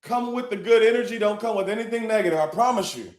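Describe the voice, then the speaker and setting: High-voiced guy hosting a live stream, preachy and hyped, echoey room. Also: fast. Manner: preachy, hyping, swings between loud and hushed. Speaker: livestream host. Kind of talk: hyped livestream talk.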